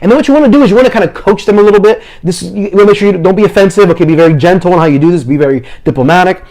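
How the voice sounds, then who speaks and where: A man talking fast in an instructional video, his voice sitting a little high for a man. He explains step by step and acts out short example lines as he goes. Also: a little mellow. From Philadelphia, family from Puerto Rico. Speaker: mission trip leader and preacher. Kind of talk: instructional talk to camera.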